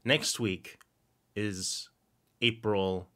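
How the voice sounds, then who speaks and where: A man hosting a casual podcast with a sore back, talking in a wry, deadpan way. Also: lowish voice, moderate pace. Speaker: podcast host. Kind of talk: casual chat.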